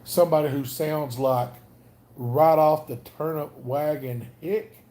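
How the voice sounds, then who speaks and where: A man's voice: a little high, dark tone. A man with a Southern Alabama accent, rambling casually and greeting viewers by name on a livestream. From North Alabama. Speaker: livestream host.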